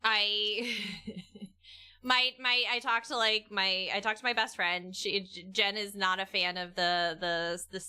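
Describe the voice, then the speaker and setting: A woman's voice: mid-range voice, fairly even intonation, slow pace, pushed and bright, clear, resonant tone. A young adult woman telling a story in casual chat, rambling with many restarts and laughs. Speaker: vlogger.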